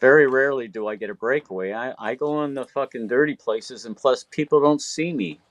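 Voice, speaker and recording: With a medium pitch and a slightly fast pace, a man in his sixties spins stories in easygoing talk, swearing liberally and voicing the quotes himself. The recording has no echo.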